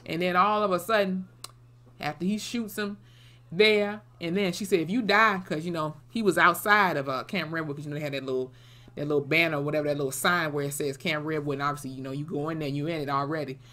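A woman's voice: low-pitched, steady tone, quick pace, fairly bright tone. A woman casually recapping a TV episode, blunt and salty, with many "you know" fillers. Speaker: TV episode reviewer.

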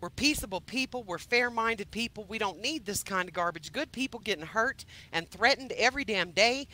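A woman's voice: mid-range voice, normal speed, hardly any pauses, bright, forceful tone. A woman playing her own character in a roleplay game, heated, emphatic and swearing. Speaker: roleplay player.

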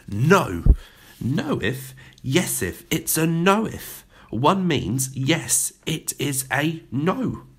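A haughty, very posh headmistress, put on by a man reading a story aloud, clipped and commanding. Her voice rises and falls in lively, imperious turns. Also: a little high, drawn-out words, husky, pitched above the performer's own voice, exaggerated voice. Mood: firm. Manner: haughty, refers to herself as "one". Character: stern, very posh female headmistress.

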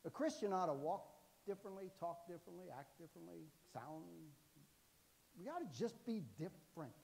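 A man's voice: high voice, expressive, a little fast, vocal fry, a little mellow, in a large hall. A man in his sixties, a guest preacher telling jokey, folksy stories in a sermon and often asking "amen". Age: 60s. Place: church sanctuary.

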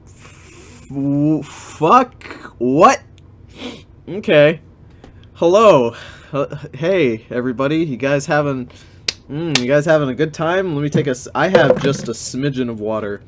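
A man's voice: medium pitch, fairly quick. Man, casual live-stream reading, joking, incredulous commentary, swears now and then. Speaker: streamer reading fan fiction.

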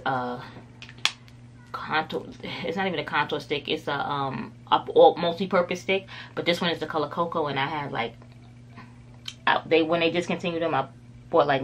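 A woman's voice: deep voice, slight background noise. A woman beauty vlogger chatting casually through a makeup tutorial, rambling with lots of filler words.

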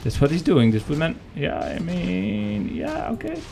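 A man's voice: fairly high pitch, huge pitch swings, a little slow, creaky, mellow, a little hiss or hum. A man casting a live strategy game match, joking and chatting with his viewers. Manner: joking, chatty, talks to the chat. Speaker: game caster. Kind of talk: live esports commentary.

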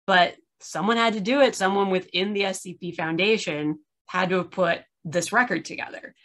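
A woman's voice: medium pitch, moderate pace, fairly bright tone. A tired woman hosting a casual chat from her room at home, full of fillers and rambling asides, on a video call. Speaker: podcast host. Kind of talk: casual discussion.

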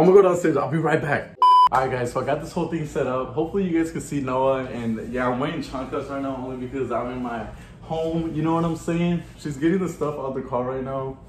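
A man's voice: medium pitch, reverberant. A man in his twenties from Chicago, vlogging in a chatty, emotional way straight to his viewers at home. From Chicago, USA. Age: 20s. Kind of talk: casual vlog talk to camera. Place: his home, indoor rooms.

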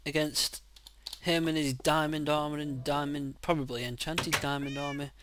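A man casually commenting on his own gameplay, excitable and quick to swear loudly when frustrated, speaking into a desk mic. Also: a little high, background noise. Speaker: gaming channel host. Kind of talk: casual let's-play commentary.

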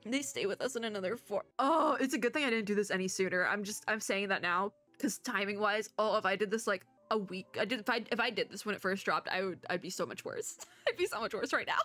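A woman's voice: mid-range voice, fast talker, hardly any pauses, a bit bright, faint music behind. A young woman streaming as a VTuber, reacting to a game in a chatty, emotional way full of fillers.

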